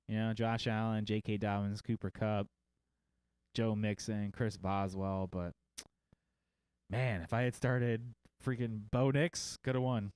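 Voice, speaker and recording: A man's voice: fairly low pitch, steady tone, measured pace, darkish tone, clear, resonant tone, dry recording. A man hosting a fantasy football show in a casual livestream style, rambling through lists of results with jokey, self-mocking asides.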